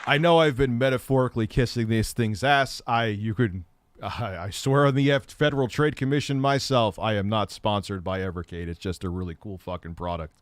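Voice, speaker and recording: A middle-aged man hosting tech commentary, ranting sarcastically with a lot of swearing, swinging from muttering to shouting. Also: lowish voice, brisk, clear, resonant tone, a faint crowd.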